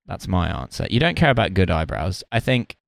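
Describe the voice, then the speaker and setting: A man's voice: sits low, sing-song, a little fast, vocal fry, no room sound, studio quality. A man co-hosting a podcast, joking around in casual banter with mock-serious asides. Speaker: podcast co-host.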